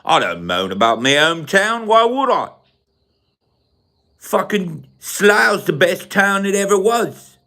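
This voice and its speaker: A man's voice: sits high, very animated, takes it slowly, pushed and bright, voice pushed up, full character voice. A man voicing a brash, swearing London bloke with a put-on London accent, boastful and mocking. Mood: cocky.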